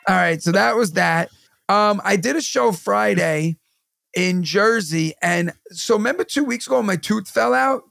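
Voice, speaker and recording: A man, hosting a podcast and telling stories in a casual, animated way, acting out the voices of the people in them. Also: high-pitched, a little slow, creaky, dry recording, studio quality. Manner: animated, acts out quoted voices in a vivid retelling. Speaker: podcast host. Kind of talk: casual storytelling chat.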